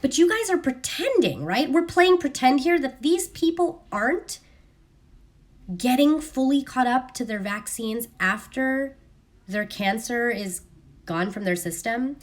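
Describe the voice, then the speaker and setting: A woman hosting a casual live stream on her phone, talking in an animated, sarcastic way and mimicking other people's voices. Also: high voice, a little slow. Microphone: phone camera.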